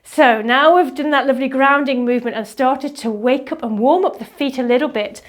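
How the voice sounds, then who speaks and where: A woman leading a qigong movement class, giving soft, slow guiding instructions. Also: high-pitched.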